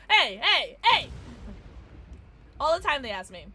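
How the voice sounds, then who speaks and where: A woman streaming a game and chatting casually with her viewers, excitable and quick to thank them. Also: high-pitched, a little hiss or hum. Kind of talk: casual livestream chat while gaming.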